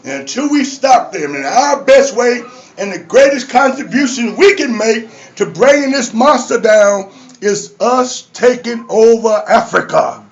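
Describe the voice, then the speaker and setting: High-voiced older man preaching revolution. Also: lively intonation, measured pace. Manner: fiery preaching with call-and-response chants. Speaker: activist speaker. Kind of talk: rally speech. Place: community arts center stage before an audience. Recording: dull lo-fi live recording with crowd.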